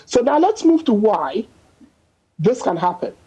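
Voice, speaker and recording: A man's voice: high voice, very animated, a little slow, warm tone, slightly rough, poor audio. A man, a doctor guest on a news panel, arguing his point emphatically with statistics and everyday examples. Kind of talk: panel discussion on a news show.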